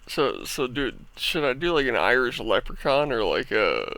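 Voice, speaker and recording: Young male co-host, rambling and crude, gravelly and animated. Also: mid-range voice, moderate pace. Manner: rambling, self-deprecating, crude jokes. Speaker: podcast co-host. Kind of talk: casual podcast banter.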